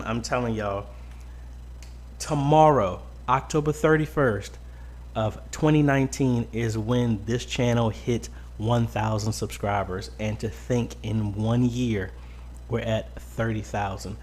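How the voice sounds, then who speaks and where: A man's voice: lowish voice, fairly even intonation, slow pace, a little mellow, a little hiss or hum. A man hosting a casual weekly live-stream Q&A from a home studio, greeting viewers by name with lots of ums. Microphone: boom-arm mic close up.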